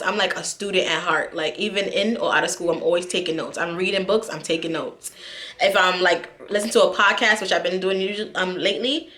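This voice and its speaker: Chatty New woman vlogger, bright tone, roomy echo; candid, talks straight to viewers. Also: mid-range voice. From New York. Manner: chatty, candid, lots of fillers, addresses viewers directly. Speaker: YouTube vlogger. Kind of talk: casual chat to camera. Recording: echoey room.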